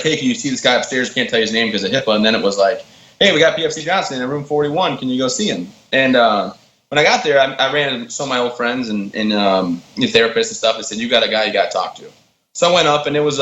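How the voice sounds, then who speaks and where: A man in his thirties, a podcast guest, telling stories in a casual, animated way and acting out the quotes. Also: mid-range voice, quick pace, a little hiss or hum. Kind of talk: casual storytelling. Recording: roomy, slightly dull sound with faint ambience.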